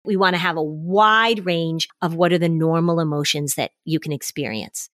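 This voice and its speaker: A woman's voice: deep voice, moderate pace, no room sound, studio quality. A middle-aged woman, a parenting expert, explaining in casual podcast talk and acting out what parents say. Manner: warm explanatory, acts out parent quotes.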